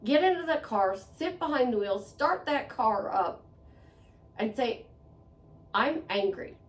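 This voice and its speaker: A woman talks through a motivational monologue in an earnest, conversational way, coming back to the same phrases to press a point. Her voice sits on the higher side. The recording is echoey, with her set back from the microphone. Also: animated, slow. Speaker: self-help vlogger. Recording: echoey room, voice a bit far from mic.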